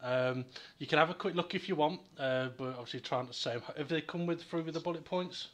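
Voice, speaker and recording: A man's voice: a little high, brisk, a bit bright. A British man hosting a casual podcast chat, swearing and laughing as he organizes the others. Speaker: podcast host.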